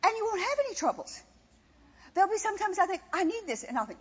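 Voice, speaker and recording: A woman's voice: very high voice, sing-song, fast talker. A woman preaching a sermon with impassioned, emphatic repetition. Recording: dull sound with long reverb in a hall.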